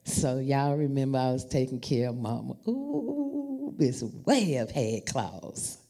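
A woman preaching a storytelling sermon, talking to the congregation in an animated, familiar way. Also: a bass voice, takes it slowly. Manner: animated, addresses the congregation as y'all.

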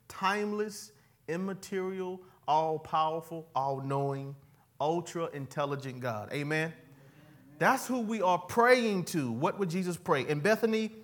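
Man, pastor, church sermon, high voice, fiery then casual, talks right to the pews. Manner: fiery preaching that swings between loud cries and quiet, casual asides; folksy, talks straight to the congregation.

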